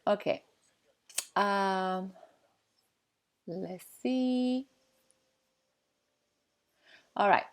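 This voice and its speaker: A woman teaches a Spanish grammar class, talking slowly and patiently. She stops now and then to write on the board and keeps asking the class whether they follow. Her voice sits in a middle pitch. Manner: patient, explains slowly, checks in with "okay?"; pauses while writing on the board. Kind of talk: classroom lesson at a whiteboard.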